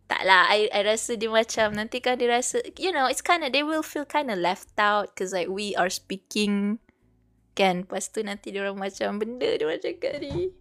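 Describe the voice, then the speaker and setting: A woman's voice: medium pitch, normal speed, fairly bright tone. A young Malaysian woman with a Malaysian English accent, chatting casually on her livestream and switching between English and Malay. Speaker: VTuber streamer. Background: faint background music.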